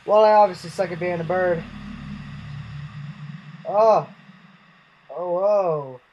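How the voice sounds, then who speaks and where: A man's voice: high-pitched, slow pace, dull audio, a little hiss or hum. A young man hosting a gaming video, giving playful, goofy commentary that drifts into sing-song. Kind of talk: casual game commentary.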